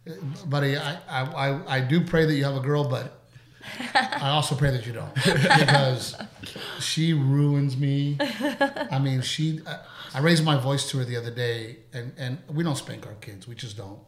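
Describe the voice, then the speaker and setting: A man hosting a casual interview chat as a comedian, telling stories with lively asides. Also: medium pitch, moderate pace. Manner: animated storyteller, quotes people in put-on voices. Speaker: podcast host and comedian. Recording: roomy echo.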